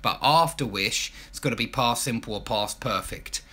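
Casting note: male English tutor, Estuary English accent, bright forward tone, casual hesitant live Q&A delivery. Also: medium pitch, moderate pace, husky. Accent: Estuary English, Essex. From Southend, Essex, England. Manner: casual, chatty, many ums and restarts. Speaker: English teacher. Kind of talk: live Q&A stream.

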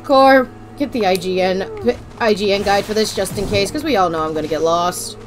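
A woman's voice: mid-range voice, fairly quick, noisy background. A woman streaming a video game, chatting casually and bluntly, her mic set off to one side. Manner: loud, blunt, joking. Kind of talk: casual gameplay stream chat. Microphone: desk mic off to the side.

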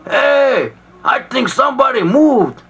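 A man voicing cheeky, mouthy little boy pigs in a squeaky, smart-alecky kid voice. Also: very animated, slow pace, fairly bright tone, exaggerated voice. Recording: vinyl record with faint noise.

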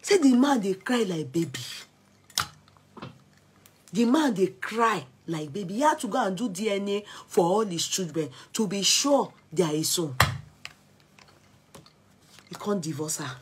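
A young Nigerian woman with an accent, excitedly recounting gossip on her vlog and switching between Pidgin and Yoruba. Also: medium pitch, unhurried, pauses often, a little hiss or hum. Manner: excitable, mixing Pidgin and Yoruba, laughing asides. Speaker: gossip vlogger. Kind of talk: animated gossip commentary.

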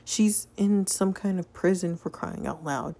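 A woman's voice: lowish voice, unhurried, warm tone. A woman voicing a stern, defensive middle-aged mother in a story game, speaking in a cool, probing way.

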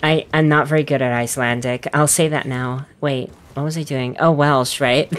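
A woman's voice: extremely low pitch, steady tone, moderate pace, few pauses. A woman hosting a casual gameplay video, rambling and self-deprecating, with frequent giggles. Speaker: gaming video host.

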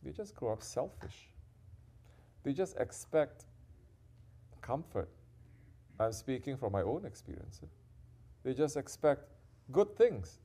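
Slow and sing-song, with long pauses and a slightly rough medium-pitched voice, a man gives a sermon as a sheikh. He alternates intimate, quiet reflection with loud scolding and uses Arabic devotional phrases.

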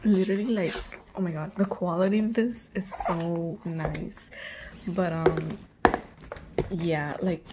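A woman's voice: fairly low pitch, slow, pauses often, noisy background. Gushing woman whispering over an unboxing. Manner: gushing, excited, drops often into breathy whispers. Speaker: vlogger. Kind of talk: unboxing video.

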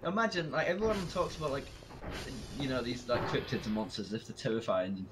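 A man's voice: medium pitch, very animated, fast talker, music in the background. A young man, riffing and swearing in a casual gaming chat over a noisy line. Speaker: gamer.

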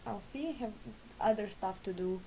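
A woman's voice: medium pitch, normal speed, warm tone, a little hiss or hum, rough recording. A woman in her late twenties, a gaming vlogger just out of bed and sleepy, chatting casually in a rambling, self-correcting way at home. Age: late 20s. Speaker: vlogger and gamer. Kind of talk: casual chat.

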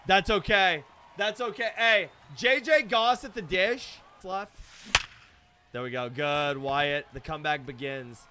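A young man giving live gameplay commentary, excitable and self-deprecating, breaking into shouts when plays go wrong. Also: high voice, a little slow, slight background noise. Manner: self-deprecating, hard on himself. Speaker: gaming YouTuber.

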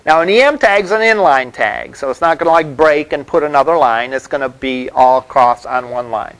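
A man's voice: mid-range voice, normal speed, fairly bright tone, poor audio. A man teaching a college web development class, talking loosely with lots of fillers and "all right?" check-ins to the room. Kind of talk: classroom lecture.

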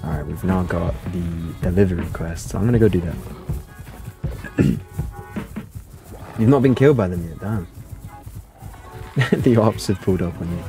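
A man's voice: low-pitched, a little slow, long pauses, over music. A young man chatting playfully through a gaming livestream and answering his viewers' chat aloud. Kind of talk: casual livestream commentary.

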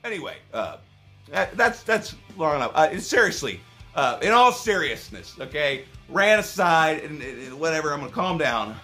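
A man ranting in a video, swearing heavily and swinging between angry shouting and low, exasperated muttering. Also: big pitch swings, normal speed, soft background music. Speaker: YouTuber. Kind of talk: profane rant video.

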